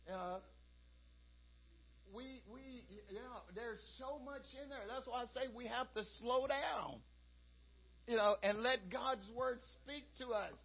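Man preaching in a church, high husky voice, chatty folksy sermon, muffled lo-fi sound. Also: a little slow. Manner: folksy, conversational, repeats "you know". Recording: dull lo-fi recording.

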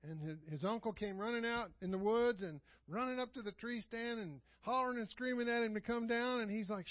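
High-voiced preacher man, chatty and dull-sounding. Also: brisk, few pauses, no echo. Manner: conversational storytelling with frequent rhetorical questions; chuckles often while preaching. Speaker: pastor. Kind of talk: sermon. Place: church sanctuary.

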